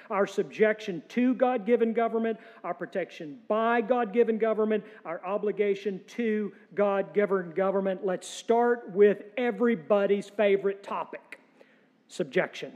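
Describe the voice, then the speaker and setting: A man's voice: sits high, warm tone, big-room sound. A man preaching a sermon as pastor, earnest and emphatic, with rhetorical questions and dry humor. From United States.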